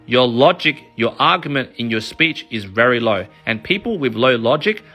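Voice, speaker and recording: A man, giving an energetic, emphatic motivational talk about parenting. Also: mid-range voice, moderate pace. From Australia. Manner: energetic, emphatic, animated storytelling. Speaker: parenting and kids' finance author.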